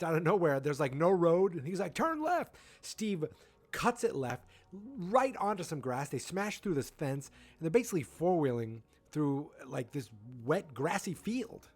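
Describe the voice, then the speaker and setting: A man in his forties hosting a podcast, casually recapping an episode with animated storytelling and quick quoted impressions. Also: medium pitch, no echo. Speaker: podcast host.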